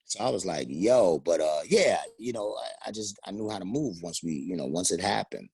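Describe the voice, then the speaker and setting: A rapper and singer from the Bronx, New York, tells stories casually as an interview guest, his low voice carrying vocal fry and a breathy edge at a moderate pace, with no room sound. He's an animated storyteller who acts out quotes in raised voices.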